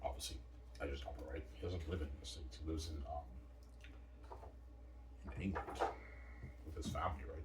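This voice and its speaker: A man's voice: rumbling low, steady tone, moderate pace, pauses often, heavy background noise. A man in a casual, rambling monologue, boastful and repetitive, recorded from a distance in a roomy space. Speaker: vlogger.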